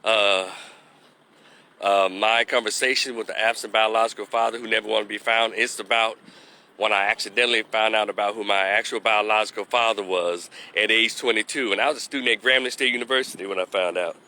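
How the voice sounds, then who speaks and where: Fairly low in pitch and sharp in tone, the man talks fairly quickly with fairly even intonation. He's out walking past a construction site doing a casual live vlog on his phone, slightly stuffy as he gets over a cold, offering opinions while rambling and losing his thread.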